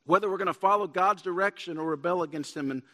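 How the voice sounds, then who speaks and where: A fast-talking man with a high, pushed, bright voice preaches a sermon as pastor in the church sanctuary. He's earnest, driving toward emphatic points, and the long reverb of the church hall surrounds him.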